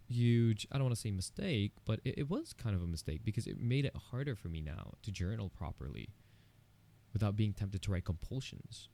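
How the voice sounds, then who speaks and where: A man with a lowish, mellow voice speaks in a solo podcast monologue. He sounds earnest and candid, encouraging listeners directly. He talks casually, with plenty of "you know" asides. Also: creaky. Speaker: podcast host.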